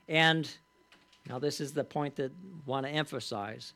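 A man teaching a Bible study class in a conversational way, often checking in with the group through quick tag questions and reading scripture aloud with added emphasis. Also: mid-range voice, bright, forceful tone.

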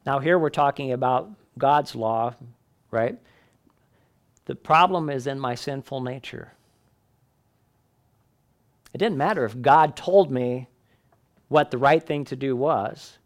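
A man's voice: mid-range voice, slow, pauses often. A man teaching a Bible class in a conversational way, often checking in with the listeners.

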